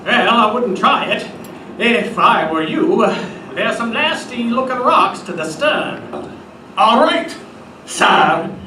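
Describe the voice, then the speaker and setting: An actor playing a wary old sailor in an amateur stage play, speaking with cautious, drawn-out delivery. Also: male voice, high voice, expressive, bright, forceful tone, heavily acted. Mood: warning. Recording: echoey hall, distant, light noise.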